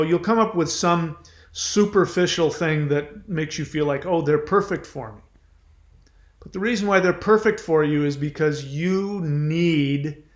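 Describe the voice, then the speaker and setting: Male host, advice monologue, slightly high voice, echoey room. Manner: conversational, slows down on key words.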